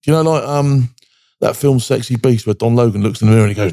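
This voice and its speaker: A fast, gravelly man past forty telling hard stories bluntly, swearing freely. His voice is dark and husky-edged, recorded dry and close. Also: medium pitch, dry recording. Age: 40s or older. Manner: blunt, heavy swearing, frequent "do you know what I mean". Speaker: guest, military veteran. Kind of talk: candid podcast interview.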